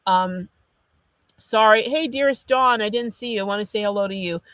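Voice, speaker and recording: A woman's voice: medium pitch, normal speed, fairly bright tone, dry recording. Chatty, apologetic woman hosting a livestream. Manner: chatty and apologetic, with frequent restarts. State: runny nose. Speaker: livestream host. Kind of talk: casual livestream chat reading viewer comments.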